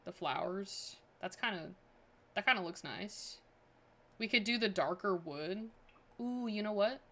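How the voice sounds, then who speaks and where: A woman's voice: mid-range voice, animated, measured pace, a bit bright. A woman streaming a building game, chatting casually and thinking aloud with many fillers. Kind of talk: casual livestream chat.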